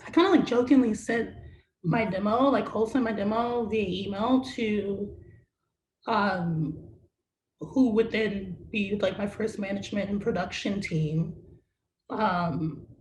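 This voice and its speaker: A woman's voice: mid-range voice, measured pace, darkish tone. A young adult woman, a musician guest in a casual interview, rambling with constant "like" fillers. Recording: roomy echo with faint noise.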